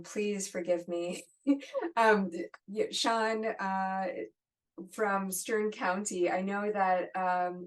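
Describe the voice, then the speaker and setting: Woman moderating a webinar, distant mic. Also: medium pitch. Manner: conversational, friendly, apologetic asides. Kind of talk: answering audience questions. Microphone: video call.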